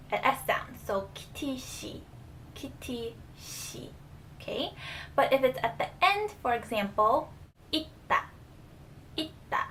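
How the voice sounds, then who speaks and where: A young woman teaching a casual video lesson, explaining slowly and repeating each example word. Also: a little high, fairly bright tone, a little hiss or hum. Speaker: language teacher.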